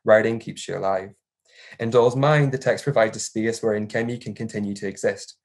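A young man, a doctoral researcher, reading an academic paper aloud in a measured, formal way and marking each quotation aloud. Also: fairly low pitch, fairly even intonation.

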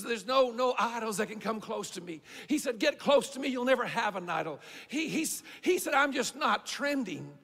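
Preacher guy, really high bright voice, gravelly, big church echo. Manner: fervent preaching, swings between shouting and quiet. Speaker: pastor. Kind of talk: sermon. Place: church sanctuary.

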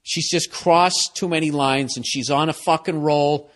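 A man's voice: a little high, fairly even intonation, unhurried, a bit bright. A man hosting a podcast, ranting in a profane, exasperated comedic style and acting out both sides of arguments. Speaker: podcast host. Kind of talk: comedic rant.

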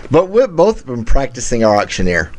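A man's voice: medium pitch, wildly swooping pitch, moderate pace. A man hosting a live talk show, rambling and stumbling over his words, poking fun at himself and laughing often. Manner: rambling, stumbling, self-mocking, laughs a lot. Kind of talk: casual live show chat.

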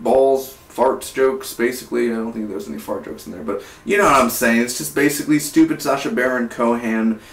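A young man in his 20s reviews films in a casual vlog, rambling enthusiastically and restarting his sentences. His voice is medium-pitched, and the recording sounds roomy, as if he's distant from the mic.

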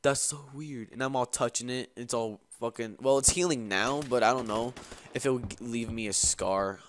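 A man's voice: medium pitch, fairly even intonation, moderate pace, a little hiss or hum. A young man casually telling a rambling story, with lots of swearing and fillers, while playing a shooter game. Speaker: gaming video host. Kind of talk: casual gameplay commentary and storytelling. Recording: gameplay gunfire and clicks behind the voice.

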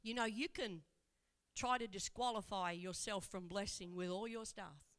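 A woman evangelist preaching in a church, telling the story in an animated way and asking rhetorical questions. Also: medium pitch, normal speed. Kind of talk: sermon.

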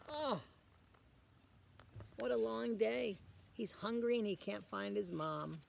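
A man reading a picture book aloud to children as a guest reader, pausing often to ask the children questions. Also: high-pitched, vocal fry, a little hiss or hum.

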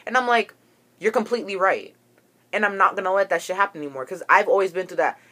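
A woman's voice: medium pitch, quick pace, fairly bright tone. A young woman ranting to camera, agitated and profane as she tells a story about a falling-out. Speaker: vlogger.

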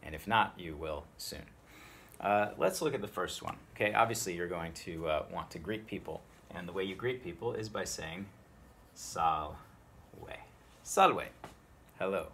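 A man with a very low voice gives a spoken Latin tutorial. He explains each phrase in a relaxed classroom manner, then repeats the Latin slowly for learners to copy. A faint hiss of noise sits behind him. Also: vocal fry. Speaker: Latin teacher.

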